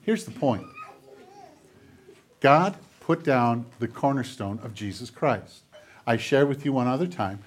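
A man preaching a sermon to a congregation, retelling scenes dramatically and dropping into quiet, hushed passages. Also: medium pitch, animated, unhurried, pauses often. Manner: dramatic retellings, drops to near whispers. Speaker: pastor. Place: church filmed on camera.

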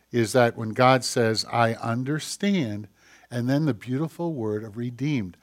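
A middle-aged pastor delivers a conversational sermon to his congregation. He tells personal stories, asks the listeners questions, and slows down to read scripture. His voice sits at an ordinary, medium pitch.

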